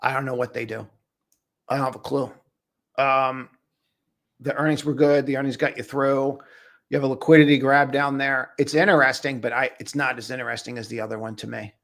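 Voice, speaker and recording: A man's voice: medium pitch, level tone, brisk, gravelly, fairly bright tone. A man hosting a live trading stream, talking loosely and casually to viewers, calling them brother and buddy.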